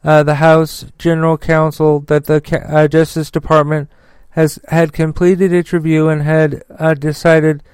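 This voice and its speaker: A man hosts a political news commentary podcast in a fairly high, crisp voice. The sound is dry and close. He talks bluntly and swears freely, and reads the news haltingly with many fillers. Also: little pitch movement, a little mellow, no echo. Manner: profane, blunt. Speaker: podcast host.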